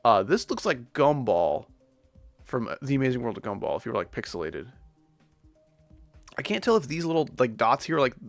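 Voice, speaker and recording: A young man rambles through a casual livestream, joking loosely and leaning on "dude" and "like". His voice sits at a middle pitch with a gravelly edge. Soft music plays faintly behind him. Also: big pitch swings, moderate pace, pauses often. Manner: rambling, jokey, says "dude" and "like" often. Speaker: streamer.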